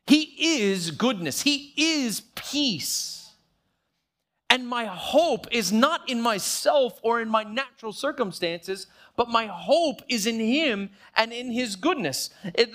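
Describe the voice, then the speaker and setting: A man preaching a sermon, emphatic, slowing down to stress key phrases and acting out short quoted prayers. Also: very high-pitched, lively intonation, fairly bright tone. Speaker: pastor.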